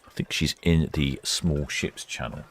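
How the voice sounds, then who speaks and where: A man's voice: rumbling low, steady tone, unhurried. A man hosting a ship-watching livestream, talking casually in a chatty, rambling way with many fillers. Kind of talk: casual live commentary.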